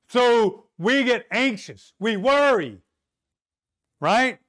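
A man delivers a sermon at an unhurried pace, his voice pitched very high yet smooth and resonant. He leans on rhetorical questions and long pauses, sometimes dropping to a softer, more intimate tone. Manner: slow, emphatic preaching with dramatic pauses and rhetorical questions. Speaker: preacher.

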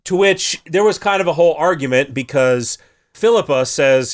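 A man chats casually about a video game he played. His fairly high voice swings widely in pitch, and he tells the story in an animated way, acting out the characters. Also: normal speed. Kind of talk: casual gaming chat.

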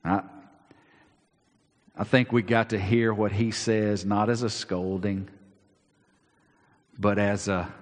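A man preaching a sermon in a church, dramatic, swinging between loud declarations and hushed asides. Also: on the low side, little pitch movement, slow pace, pauses often. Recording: long reverb.

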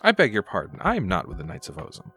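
A man voicing a fussy small female gnome captain, high, clipped and indignant. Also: wildly swooping pitch, quick pace, bright, forceful tone, soft background music, heavily acted. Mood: offended.

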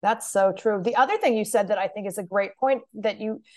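Woman host, media coach vibe, keeps saying great point, steady chatty pace. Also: mid-range voice, brisk. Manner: affirming, reflective questioner. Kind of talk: conversational interview.

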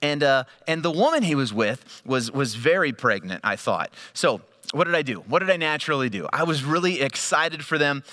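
A man's voice: on the high side, animated, moderate pace, hardly any pauses, sharp tone. A male pastor giving a sermon, telling stories in a conversational, humorous way.

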